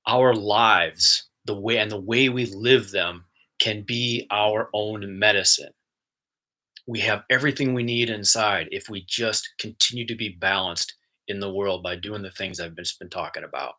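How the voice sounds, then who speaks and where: A man with a low, bright and forceful voice, talking casually about wellness. He rambles earnestly, restarts his sentences and calls out to people who are watching. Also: a little slow. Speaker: wellness vlogger. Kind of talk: casual spoken monologue.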